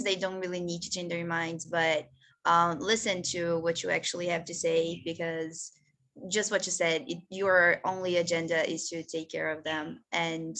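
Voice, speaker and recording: A woman host reflects aloud, pausing often with soft ums as she gathers her thoughts. Her voice is bright and crisp, and sits somewhat low. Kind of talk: casual chat.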